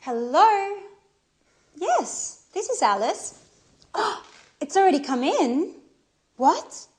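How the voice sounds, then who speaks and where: A woman's voice: extremely high pitch, very animated, takes it slowly, darkish tone, full character voice. An actress playing an eager, flustered young woman in love in a scripted language-course drama.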